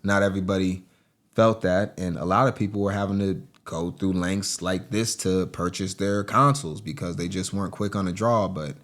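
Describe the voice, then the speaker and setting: Gaming vlogger guy, lowish voice, talks to his "team", gets hyped now and then. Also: normal speed. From United States. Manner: chatty, addresses viewers as team, excitable bursts. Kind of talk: casual screen-recording commentary.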